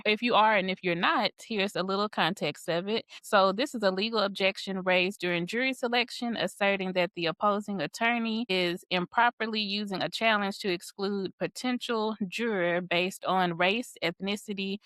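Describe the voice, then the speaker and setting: A woman's voice: medium pitch, fairly bright tone, dry recording. Woman co-host reading case notes, dry. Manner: reads case notes then turns to chat. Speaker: podcast co-host. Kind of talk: casual discussion with read-out summary.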